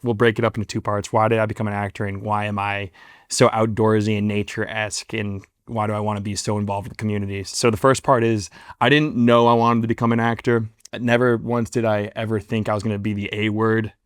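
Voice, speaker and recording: A man's voice: fairly low pitch, little pitch movement, fast talker, smooth, dry recording, studio quality. A man in his twenties, a guest actor, telling a long story in a casual interview, rambling and self-deprecating with many fillers and restarts.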